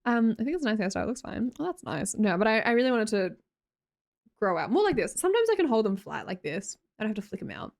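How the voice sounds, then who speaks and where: An Australian woman live streamer chatting casually with viewers, scattered and self-mocking, laughing often. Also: mid-range voice. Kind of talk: casual chat reading viewer messages.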